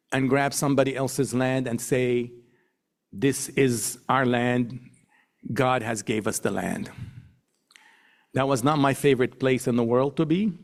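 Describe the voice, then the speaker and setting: A middle-aged man giving a public talk to an audience, emphatic, building points through repetition and lists, slowing down to stress key words. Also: mid-range voice, a little mellow. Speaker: guest speaker.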